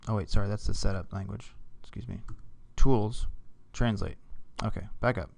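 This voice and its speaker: Gravelly man walking through a screen tutorial. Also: lowish voice, fairly even intonation, normal speed, a little mellow. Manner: casual, talks through each click with frequent "okay?". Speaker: teacher. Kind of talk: screen-recorded software tutorial.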